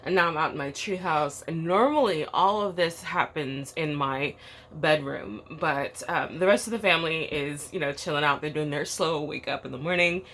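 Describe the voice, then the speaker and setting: Low-voiced groggy woman vlogging. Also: normal speed, a bit bright. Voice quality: groggy morning voice. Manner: blunt, chatty, rambling with fillers. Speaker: tarot vlogger. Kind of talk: casual morning vlog. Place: outdoor treehouse.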